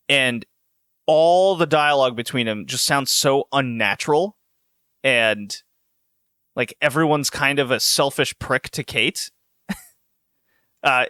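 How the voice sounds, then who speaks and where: A man hosts a casual podcast and chats animatedly, with frequent laughs. His voice is mid-pitched and bright. The sound is dry, with no room echo. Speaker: podcast host. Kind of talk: casual chat.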